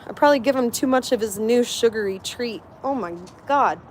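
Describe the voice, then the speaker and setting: A woman's voice: a little high, a little fast, a little hiss or hum. A young woman chatting casually on a livestream while walking her dog outdoors, slipping into baby talk with the dog. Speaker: livestream host. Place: outdoors, walking around a residential complex.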